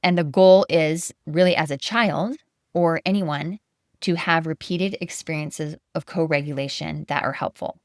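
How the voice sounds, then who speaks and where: A woman hosting a podcast, talking through an idea in a calm, gentle, deliberate monologue. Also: low voice, dry recording, studio quality. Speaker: podcast host.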